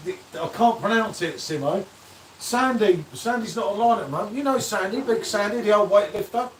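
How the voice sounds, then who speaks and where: A man's voice: high voice, moderate pace. Man, casual live-stream banter, echoey room, faint background hum. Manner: chatty, banters and reads out viewer comments. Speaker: beer reviewer hosting a live stream. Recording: echoey room, distant from the mic.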